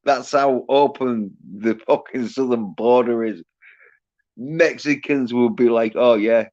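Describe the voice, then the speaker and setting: A man's voice: medium pitch, steady tone, slow, darkish tone, dull audio. A man hosting a livestream, ranting in a rambling, boastful way with constant swearing. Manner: profane, boastful, laughs at own jokes. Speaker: livestream host.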